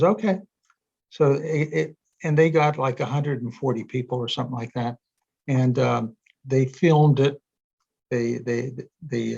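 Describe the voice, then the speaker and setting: Older male guest, casual storyteller, husky voice, muffled video-call sound. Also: medium pitch, darkish tone. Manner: rambling anecdotes with many fillers and restarts. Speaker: interview guest, energy psychology author. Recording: dull lo-fi sound.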